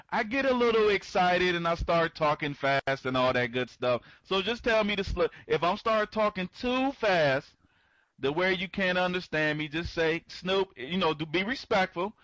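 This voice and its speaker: A man with a fairly high voice hosts a live webinar and rambles, circling back over the same points and greeting people by name as they join. He stumbles through frequent restarts. The sound is dull and lo-fi, with a dry, close feel. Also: animated, moderate pace, a bit bright, dry recording. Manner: restarts and stammers often. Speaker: host of an online members' conference.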